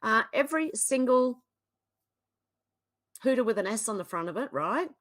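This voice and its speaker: A woman's voice: fairly high pitch, expressive, moderate pace. Blunt exasperated Australian woman vlogger. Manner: exasperated, blunt, swings between sighs and outbursts. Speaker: political commentary vlogger. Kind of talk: reading posts aloud and reacting.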